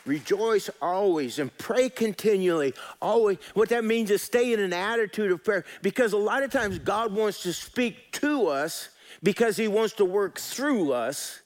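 A man pastor preaching a sermon, folksy and animated, calling out to his congregation and swinging between soft and loud. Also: high voice, a little slow.

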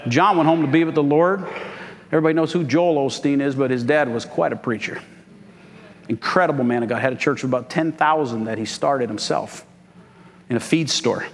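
A man's voice: medium pitch, fairly quick, big-room sound, slight background noise. A man pastor preaching a sermon, calling out for "Amen" from the congregation. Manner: call-and-response preaching, frequent "Amen?". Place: church sanctuary.

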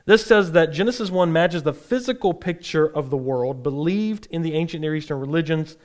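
A man teaching a Bible class, explaining in a relaxed, explanatory way with frequent fillers. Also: fairly high pitch, fairly quick.

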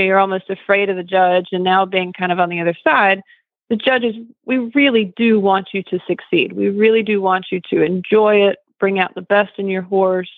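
Female judge-trainer guest, measured and deliberate delivery, dry phone-line sound. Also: medium pitch, dry recording. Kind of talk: casual radio show chat.

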